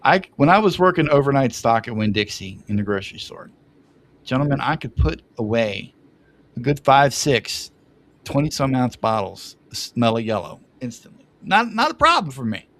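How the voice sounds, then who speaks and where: A man's voice: medium pitch, very animated, normal speed, fairly bright tone. A man telling rambling family stories on a podcast, laughing often at himself. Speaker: podcast guest. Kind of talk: casual storytelling.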